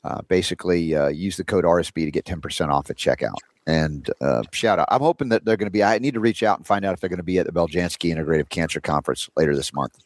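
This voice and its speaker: A man's voice: low voice, dry recording. A man hosting a talk show, chatting casually and rambling with many fillers and restarts. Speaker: radio show host.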